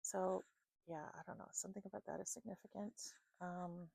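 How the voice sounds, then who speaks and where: A woman with a warm, mellow voice gives an intuitive psychic reading to her viewers. She speaks unhurriedly, fills pauses with "um", and keeps checking in with "okay?". The sound is dry and close, with no room echo. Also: lowish voice, fairly even intonation, creaky. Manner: unhurried, many fillers and "okay?" check-ins. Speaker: psychic reader.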